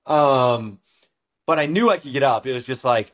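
A man who used to snowboard professionally tells a story in a loose, animated way, full of fillers like "like" and "dude.". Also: medium pitch, moderate pace. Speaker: guest, former pro snowboarder. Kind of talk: casual storytelling in an interview.

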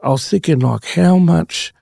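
An Australian man hosting a casual interview, telling animated stories and laughing often. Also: a little high, moderate pace, vocal fry, slightly rough, no echo. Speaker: host.

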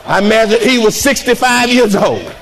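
High-pitched, fervent older male preacher. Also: big pitch swings, normal speed, vocal fry, soft background music, some chatter behind. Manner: fervent, preaching in bursts of shouting, call-and-response with the congregation. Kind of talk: impassioned sermon. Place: church before a congregation.

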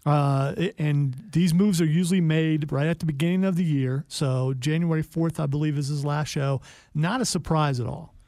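Radio co-host guy from ohio, kinda high voice, dry close sound, teasing and matter of fact. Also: steady tone, normal speed, darkish tone, dry recording. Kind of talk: casual sports radio chat.

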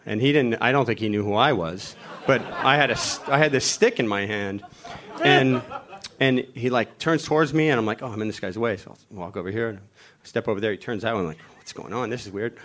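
A middle-aged man, a guest on a live podcast, telling a story in an animated way, with frequent laughter. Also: mid-range voice, brisk.

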